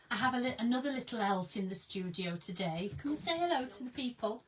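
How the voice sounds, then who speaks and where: In a rough recording, a woman with a husky, expressive, medium-pitched voice talks slowly with long pauses. She's a craft live streamer chatting casually from her studio, giggling and greeting viewers by name.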